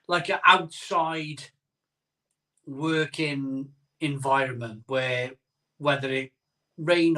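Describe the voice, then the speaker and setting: A man's voice: on the high side, bright, forceful tone. A middle-aged man hosting a live stream, chatting casually, joking and chuckling as he reads out viewer comments. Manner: jokey, chuckles often, storytelling banter. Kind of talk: casual chat.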